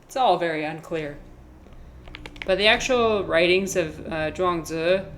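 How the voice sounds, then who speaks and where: Chatty woman streamer, slightly low voice. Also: a little slow, fairly bright tone, slight background noise. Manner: rambling, chatty, reading chat and answering. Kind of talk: casual livestream chat while gaming.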